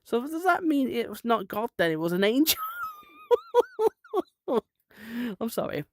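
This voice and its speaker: A man's voice: extremely high pitch, sing-song, a little slow, a little hiss or hum. Rambling irreverent guy chatting. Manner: rambling, irreverent, laughs at own jokes. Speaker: streamer. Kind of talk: casual chat.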